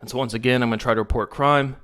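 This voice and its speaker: A man's voice: mid-range voice, fairly even intonation, racing, fairly bright tone, clear, resonant tone. A man speaking straight to camera in a vlog, complaining in an agitated, accusatory way. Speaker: vlogger.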